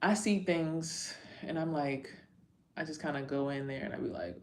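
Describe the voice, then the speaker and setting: Brief: woman livestream host, deep-pitched, rambling and profane, casual chat with viewers from home. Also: moderate pace, a little hiss or hum. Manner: loose, rambling and profane, with frequent slang and side remarks. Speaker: livestream host and tarot reader.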